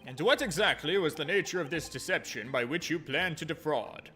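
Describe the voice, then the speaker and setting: A man's voice: on the high side, expressive, a little fast, sharp tone. A man reading game dialogue as a formal courtroom judge in a plain voice.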